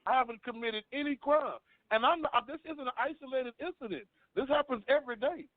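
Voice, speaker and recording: A man's voice: very high-pitched, fairly quick, no room sound. A man on a talk panel, earnestly telling a long personal story and often repeating himself. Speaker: panel guest. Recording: dry phone-line sound.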